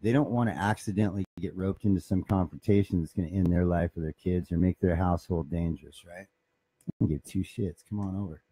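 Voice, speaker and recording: A low, husky-voiced man rambles in a casual, profane monologue, boastful and loose. His mellow tone sounds dry and close. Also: steady tone, quick pace, few pauses. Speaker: guitar shop owner and bassist.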